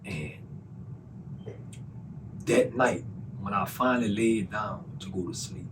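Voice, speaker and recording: A man's voice: on the low side, slow, background noise. A man with a Southern US accent giving an earnest, emotional personal testimony, repeating himself as he tells his story. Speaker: testimony speaker.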